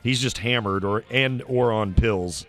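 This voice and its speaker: A man co-hosting a radio talk show, chatting casually and reacting with animated yells. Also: on the low side, unhurried, faint music behind. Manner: animated, mimics callers with loud yells. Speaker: radio co-host. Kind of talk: casual chat.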